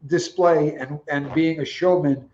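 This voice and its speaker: Man, co-host, casual livestream chat, easygoing and wry, slightly high voice, dull lo-fi sound. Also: fairly even intonation, measured pace, darkish tone, reverberant. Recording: dull lo-fi mic.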